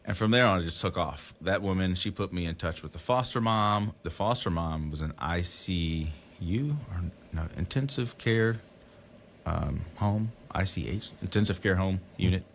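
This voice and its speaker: A man's voice: low voice, moderate pace, a little hiss or hum. A man guest on a podcast, telling his story casually and acting out the voices of the people in it.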